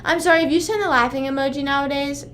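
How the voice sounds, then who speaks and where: A woman in her twenties chatting casually on a livestream, rambling and animated, with frequent swearing. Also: high voice, fast talker, a little hiss or hum. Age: 20s. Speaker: streamer.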